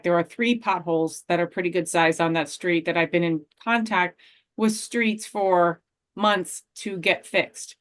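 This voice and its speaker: A woman speaking as a resident during public comment at a city meeting, earnestly airing a frustrated complaint. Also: lowish voice.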